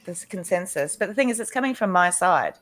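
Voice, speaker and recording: A woman's voice: lowish voice, expressive, a little fast, a bit bright. A woman in a recovery meeting, speaking candidly and rambling a little, laughing now and then. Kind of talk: casual recovery group chat.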